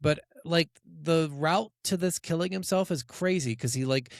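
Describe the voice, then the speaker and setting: A man's voice: a little high, normal speed, creaky, no echo, clean studio sound. A man co-hosting a podcast in casual chat, laughing often as he talks. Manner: laughs often, lively agreeing replies. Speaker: podcast co-host.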